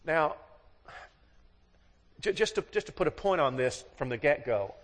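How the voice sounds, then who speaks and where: A man's voice: on the high side, lively intonation, a little slow. A middle-aged man gives a sermon on marriage in a slightly raised voice. He tells homely stories and plays every part in them himself. His words ring with the long reverb of a large hall. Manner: folksy storytelling, acts out both sides of dialogues. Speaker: preacher.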